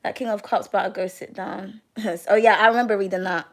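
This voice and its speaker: A woman's voice: medium pitch, steady tone, a little fast. A young woman hosting a live tarot reading, chatting casually as she reads comments, laughing often and swearing freely. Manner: giggly, swears freely, loud outbursts.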